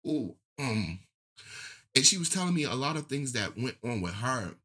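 A man, talking candidly and emotionally in casual conversation, his voice rising and falling as he tells a story. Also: normal speed. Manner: emotional, candid storytelling with lively pitch swings.

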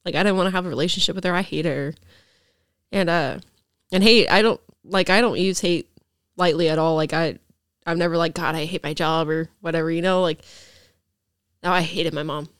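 A woman's voice: on the low side, fairly even intonation, brisk, long pauses, clean tone, no echo, studio quality. A young woman, a podcast guest, rambling through a personal story with lots of fillers.

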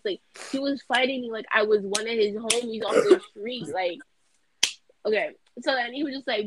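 A young woman on a casual podcast, telling a dream in an animated way, full of fillers. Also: fairly high pitch, moderate pace, a crowd in the background, rough recording. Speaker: podcast co-host, student. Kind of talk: casual chat, storytelling.

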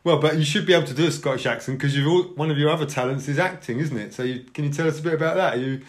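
A man's voice: fairly high pitch, racing, background noise. A man hosting a casual interview, teasing his guest with jokey banter. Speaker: host.

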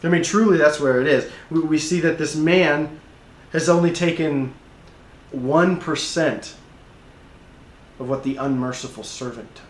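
A man's voice: on the high side, unhurried, long pauses, reverberant. A man preaching a sermon, telling the story vividly with frequent restarts, in a church. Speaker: pastor.

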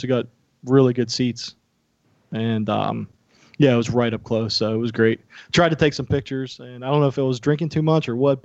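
A relaxed man from Pittsburgh, a podcast guest, chats in a laid-back way. His voice has a gravelly rasp at a middle pitch. The audio is slightly dull and dry. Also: dry recording. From Pittsburgh, Pennsylvania. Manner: relaxed, easygoing, trailing fillers. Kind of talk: casual chat.

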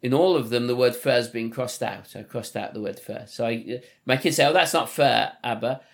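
A man's voice: medium pitch, moderate pace. A man with a Liverpool accent, a podcast host and father, talking in a thoughtful, casual way with many restarts. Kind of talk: casual conversation.

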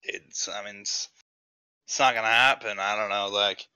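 A man chatting as a podcast guest, hesitant at times and quick to laugh. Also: on the low side, steady tone, sharp tone, clear, resonant tone, dry recording, poor audio. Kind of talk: casual chat.

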